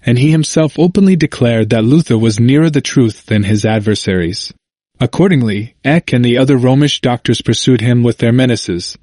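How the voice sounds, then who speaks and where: A man reading a history book aloud as scripted narration, measured and steady, lifting his voice for quoted speech. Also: mid-range voice, dry recording, studio quality. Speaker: audiobook narrator.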